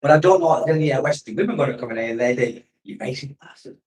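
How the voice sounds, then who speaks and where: Rapid-fire and expressive, a slightly mellow medium-pitched man hosts a casual expat livestream, hopping between stories and answering viewer comments as they come in. He sounds easygoing and unscripted, though the recording is rough and the mic far away.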